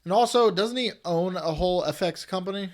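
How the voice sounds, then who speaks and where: A man co-hosting a casual movie review chat, laid-back and quick to joke and laugh. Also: high-pitched. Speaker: podcast co-host.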